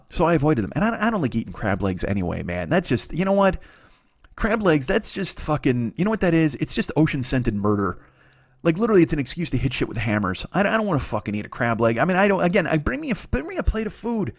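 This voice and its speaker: Fast-talking profane comedy podcast man. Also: on the high side, no echo, studio quality. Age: 40s. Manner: profane, excitable, riffing. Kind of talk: rambling comedic monologue.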